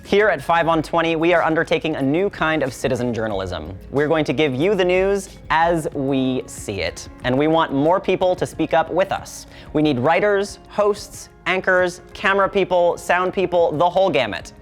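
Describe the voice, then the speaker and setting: A man's voice: fairly high pitch, lively intonation, moderate pace, few pauses, faint music behind. A man anchoring a satirical local newscast, reading in a sardonic, editorializing way. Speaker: news anchor.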